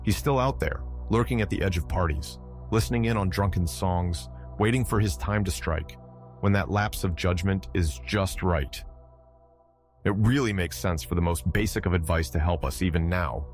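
A man with a very deep, low voice reads a horror story aloud in a measured, dramatic way. Faint music plays softly behind his narration.

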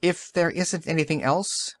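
A man doing an amiable, gently courteous inventor. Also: a little high, fairly even intonation, a little slow, dry recording, studio quality, pitched above the performer's own voice, natural voice. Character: pleasant, amiable male inventor.

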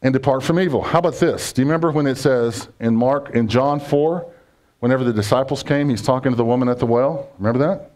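A pastor preaching a conversational sermon, joking and asking the congregation questions. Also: male voice, medium pitch, fast talker, darkish tone.

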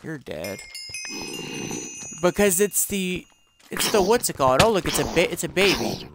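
A man's voice: on the high side, very animated, normal speed, noisy background. A man giving casual, rambling commentary over his own gameplay, often searching for words and exclaiming when things go wrong. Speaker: gameplay streamer.

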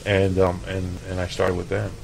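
A man's voice: deep voice, monotone, moderate pace, vocal fry, slight background noise, low-quality recording. A man from El Paso, a chef guest telling laid-back, profane stories in a casual interview. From El Paso, Texas.

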